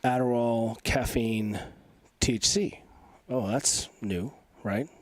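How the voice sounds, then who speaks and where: A man in his forties, stuffy from allergies, talking in an energetic, emphatic and rambling way as a podcast guest. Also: medium pitch, takes it slowly, no echo. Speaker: podcast guest, coach and physical therapist. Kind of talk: casual interview talk.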